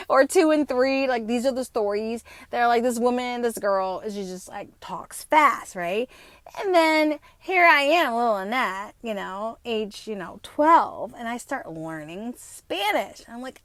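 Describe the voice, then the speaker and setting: Fast-talking animated woman in her fifties. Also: a little high, no echo. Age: 50s. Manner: rapid, animated, frequent profanity and "right?" tags. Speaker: podcast host. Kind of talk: casual solo podcast monologue.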